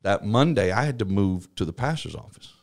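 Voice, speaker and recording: A middle-aged pastor telling a personal story in conversation, folksy and laughing often. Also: male voice, fairly low pitch, animated, brisk, darkish tone.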